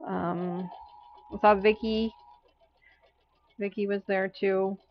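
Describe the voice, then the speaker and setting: A woman's voice: mid-range voice, little pitch movement, slow, highs cut off. A woman hosting a live quilting stream, chatting casually and rambling while she sews, laughing often. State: has the hiccups. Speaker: quilting channel host. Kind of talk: casual chat during a live sewing stream.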